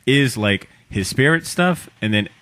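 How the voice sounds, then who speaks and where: A man's voice: medium pitch, expressive, measured pace, sharp tone, no room sound. A man hosting a podcast in casual chat, thoughtful and stop-start as he gathers his points. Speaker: podcast host.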